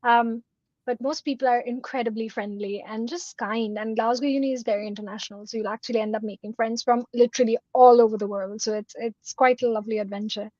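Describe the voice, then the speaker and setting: Chatty woman from india on a video call, higher voice, kinda muffled dry audio. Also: steady tone, quick pace, a little mellow, no room sound. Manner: upbeat and chatty. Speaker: panelist. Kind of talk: panel Q&A answer.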